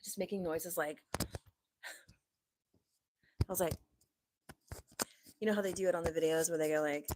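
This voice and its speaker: A woman's voice: fairly low pitch, steady tone, moderate pace, pauses often, darkish tone. A woman hosting a casual live stream, chatting in an upbeat, loose way with lots of fillers into a desk microphone.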